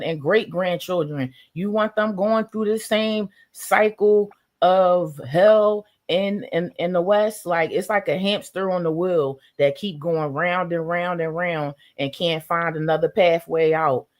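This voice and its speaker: Blunt, emphatic woman. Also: unhurried. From United States. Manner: emphatic and blunt, acts out conversations with animated high voices. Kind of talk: casual discussion on a livestream.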